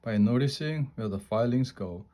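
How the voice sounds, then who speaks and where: A man's voice: mid-range voice, normal speed, dark tone, close to an everyday voice. A man voicing a male science teacher instructing his class in a read-aloud storybook. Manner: instructing, explanatory.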